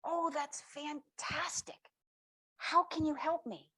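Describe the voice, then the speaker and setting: A woman voicing an eager, childlike little soul in a story she retells, with a breathless, excited manner. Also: high voice, slow pace, voice pushed up, exaggerated voice.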